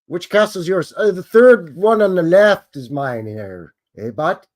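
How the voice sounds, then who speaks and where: A man's voice: a little high, moderate pace, hardly any pauses. A man hosting a live stream, musing and chatting as he thinks aloud over old photographs.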